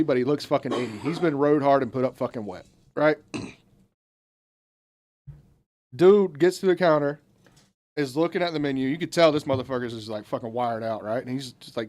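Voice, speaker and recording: A man's voice: a little high, a little mellow. Profane man telling a story. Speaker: podcast co-host. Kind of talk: casual storytelling banter.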